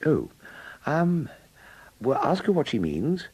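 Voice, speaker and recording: An actor playing a cheerful, dim young gentleman in a radio comedy drama, with a bumbling, indignant way of protesting. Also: fairly high pitch, wildly swooping pitch, slow, breathy edge, full character voice. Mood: breezy. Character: young male idle aristocrat, cheerful and dim.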